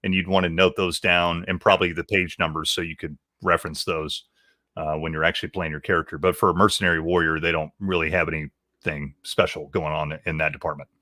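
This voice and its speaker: A man explaining game rules calmly as game master in a casual chat. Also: low voice, brisk, no room sound, clean studio sound. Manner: calm, explanatory.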